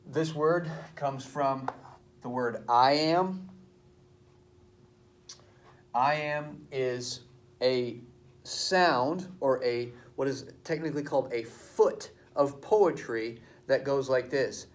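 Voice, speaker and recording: A man's voice: mid-range voice, takes it slowly. A male teacher explaining a poetry assignment to his class at the board in a casual, chatty way.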